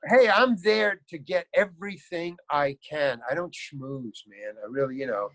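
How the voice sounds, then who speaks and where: A man's voice: on the high side, normal speed, a bit bright, no room sound, low-quality recording. An older man, an actor, telling rambling anecdotes in a casual interview. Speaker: actor guest.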